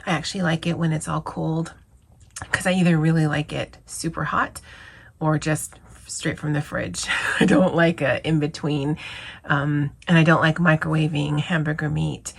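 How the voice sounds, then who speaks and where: A woman's voice: sits low, level tone, normal speed, creaky, husky. A woman vlogger casually chatting about her lunch, with many fillers and restarts. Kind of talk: casual lunch diary chat. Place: office at work on campus.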